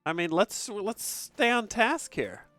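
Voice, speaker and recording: A man casually commentating a game stream from an upstairs room at home, excitable and profane, laughing often. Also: sits high, slow pace, faint music behind.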